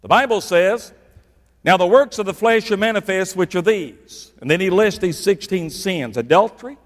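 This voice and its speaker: A middle-aged man preaches with a notably high voice. He lurches from loud, punchy bursts down to hushed, low asides to drive his points home. The sound carries the long reverb of a large hall. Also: normal speed. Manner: animated, swings from loud to hushed for emphasis. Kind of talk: sermon.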